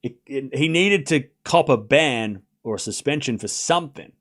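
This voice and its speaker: A man calling a tennis match live for his stream, excitable and chatty, chuckling between points. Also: mid-range voice, normal speed. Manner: excitable play-by-play, chatty, laughs often. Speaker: streamer host. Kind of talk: live watchalong commentary.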